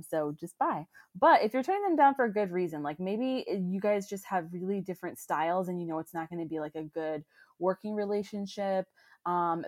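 A woman's voice: lowish voice, darkish tone, dry recording. A young woman co-hosting a podcast in casual, rambling chat full of fillers and restarts. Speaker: podcast co-host.

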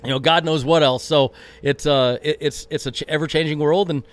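A man answers interview questions with brash energy, rambling and restarting as he goes. His voice sits a little higher than most men's. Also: fairly even intonation, fairly quick. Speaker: racing driver guest.

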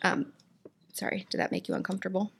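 A woman's voice: lowish voice, big pitch swings, fast talker, vocal fry, husky. Woman from the south, guest, casual interview, easygoing, self-deprecating. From American South. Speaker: guest, voice actor.

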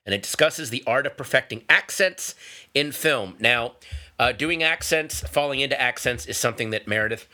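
A man co-hosting a casual podcast, teasing his co-host and telling stories with lively energy. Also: mid-range voice, normal speed. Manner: teasing, animated storyteller. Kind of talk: casual chat.

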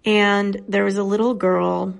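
A woman's voice: medium pitch, little pitch movement, unhurried, creaky. A woman in her thirties, a podcast guest, telling a personal story in an earnest, reflective way. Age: 30s.

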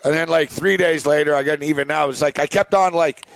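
A middle-aged man hosting a sports betting podcast, telling a rambling, animated anecdote in casual chat. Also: a little high, fast, gravelly, no room sound. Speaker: podcast host. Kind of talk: casual storytelling.

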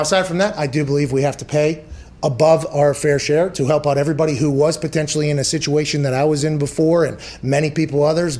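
Loud profane man ranting on a podcast. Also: on the high side. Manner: loud, animated, swears freely, ranting. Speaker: podcast host. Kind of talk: casual profane sports podcast chat.

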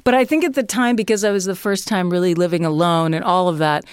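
A woman's voice: on the low side, fast, clear, resonant tone, no room sound, clean studio sound. A woman guest casually telling a personal story, chatty and full of "like" and "you know".

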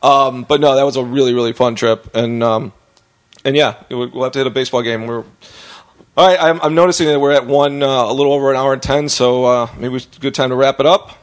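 American man, podcast host, casual rambling chat, laughs a lot, mid pitch. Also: steady tone, fast talker. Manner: rambling storyteller, laughs often, acts out quotes.

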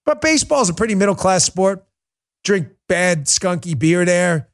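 Host, male, middle-aged; lively mocking monologue, slightly higher voice. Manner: animated, mocking, quick asides and restarts. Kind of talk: political commentary monologue.

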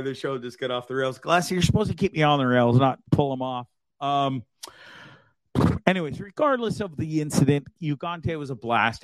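A man's voice: mid-range voice, no echo. Man, crude jokey show host, self-mocking stories, dry close sound. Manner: crude, joking, self-deprecating storyteller. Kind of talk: casual livestream chat.

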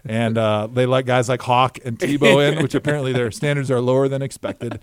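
A man in his thirties, a podcast co-host and former football player, telling stories in a relaxed, lively way and acting out the other people's voices. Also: medium pitch, fairly quick, no echo, studio quality. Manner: animated storyteller, acts out the voices of others. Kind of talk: casual storytelling chat.

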